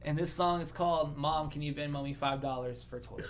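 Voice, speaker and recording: A man's voice: a little high, brisk, slight background noise, close to an everyday voice. A man putting on the voice of a whiny young male band frontman, parodying him sarcastically. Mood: mocking. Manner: mock announcing, sarcastic.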